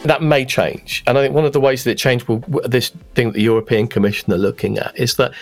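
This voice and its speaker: A man talking in a casual discussion, giving animated, forthright opinions. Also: mid-range voice, quick pace, faint music behind.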